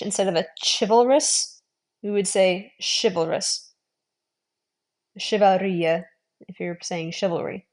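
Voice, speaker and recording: A woman giving an online language lesson, modelling sounds slowly, repeating them and adding friendly, encouraging asides. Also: medium pitch, darkish tone. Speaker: language teacher.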